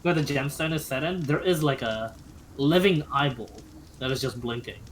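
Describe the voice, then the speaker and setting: Young male game master, mid-pitched, halting narration, faint background noise. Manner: halting, many fillers and restarts.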